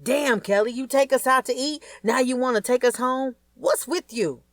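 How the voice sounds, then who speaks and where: A woman's voice: high voice, moderate pace, no echo, studio quality, pitched above the performer's own voice, lightly acted. A woman doing an indignant, scolding mom. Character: scolding middle-aged mother, indignant.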